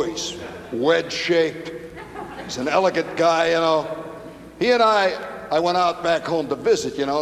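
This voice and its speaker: Animated man telling stories on stage. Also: a little high, in a large hall. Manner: animated, mimicking voices, building to punchlines. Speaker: storyteller. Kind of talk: live comic monologue.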